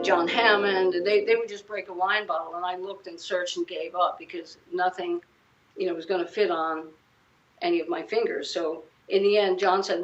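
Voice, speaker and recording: A woman's voice: fairly low pitch, steady tone, normal speed, dull audio, soft background music. A woman in her seventies, a guest musician, chatting casually in an interview and telling rambling anecdotes full of restarts. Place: living room at home.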